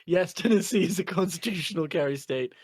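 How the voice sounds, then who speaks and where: A man's voice: high voice, fairly quick, breathy edge, dry recording. A man running a tabletop game as game master, narrating in an easygoing, lightly amused way.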